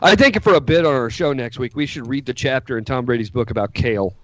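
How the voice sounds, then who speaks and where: A man's voice: mid-range voice, fast talker, fairly bright tone, no room sound, muffled recording. A man co-hosting a casual comedic podcast chat, setting up jokes with dry asides. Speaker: podcast co-host.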